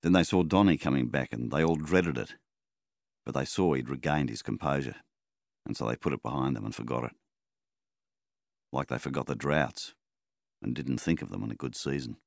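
A man narrating an audiobook in a measured, plain way. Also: a bass voice, creaky, no echo, studio quality. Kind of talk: scripted narration.

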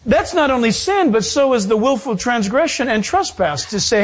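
A man preaching as pastor, animated, with sudden swings in pitch and joking asides. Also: moderate pace. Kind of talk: sermon.

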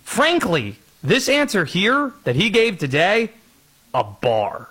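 A man hosting a sports show, introducing segments in a steady, measured way. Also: high voice, husky. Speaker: host.

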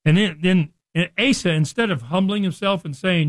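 A man's voice: high voice, normal speed, dry recording. A man teaching a Bible lesson in a conversational sermon style, often restarting and acting out quoted speech.

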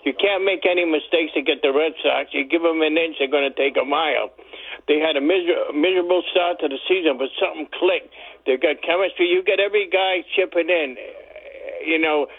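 A man calls in to sports radio, folksy and upbeat. His voice is fairly high and husky. It comes through a tinny phone line. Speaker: caller. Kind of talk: call-in sports talk.

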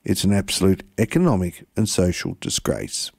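Man, Australian accent, radio host, gravelly low voice, animated pitch, dry studio sound. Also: normal speed, dry recording. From Tasmania, Australia. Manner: stumbles over words, laughs at himself. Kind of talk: community radio talk.

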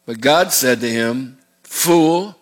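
A man's voice: on the high side, normal speed. A male pastor preaching a sermon in a folksy, digressive and earnest way. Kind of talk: sermon with scripture reading.

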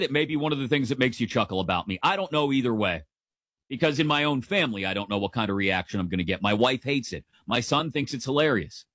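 A man's voice: mid-range voice, a bit bright, no room sound, studio quality. A man in his forties hosting a sports podcast, giving playful, emphatic opinions in casual commentary.

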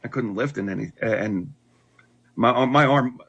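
A middle-aged man earnestly telling his life story in conversation, halting and restarting often. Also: medium pitch, vocal fry, a bit bright, breathy edge, lo-fi sound. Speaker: guest telling his testimony.

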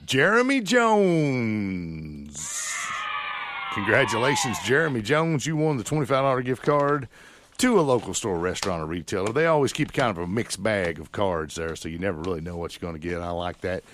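A male local radio host chats casually in a folksy, rambling style, full of fillers and restarts. His voice is low and quick, picked up on a studio microphone against a noisy background.

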